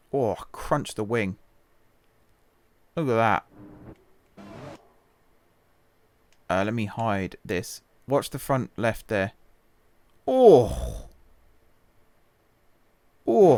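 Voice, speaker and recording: A man's voice: on the low side, slight background noise. A man hosting a gaming channel, chatting and joking to himself while commentating a racing game. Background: game music and engines.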